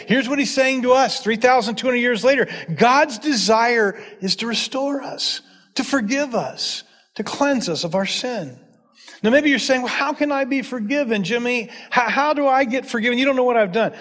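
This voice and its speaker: A male pastor with a high voice preaching a sermon, earnest and pleading. He climbs to emphatic calls and then drops to soft, close appeals. His voice rings with the long reverb of a big church hall.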